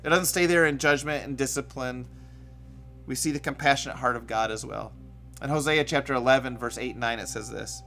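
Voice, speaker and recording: A man preaching a sermon in a conversational way, sometimes acting out quoted voices with sudden loud bursts. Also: medium pitch. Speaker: pastor. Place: church stage.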